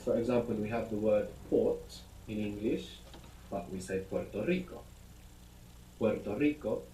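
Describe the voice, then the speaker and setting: Mellow male teacher on echoey playback. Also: mid-range voice, recorded from a distance, a little hiss or hum. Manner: patient, explanatory, guiding questions. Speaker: language teacher. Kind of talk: recorded audio lesson. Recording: echoey audio played from a speaker across a room.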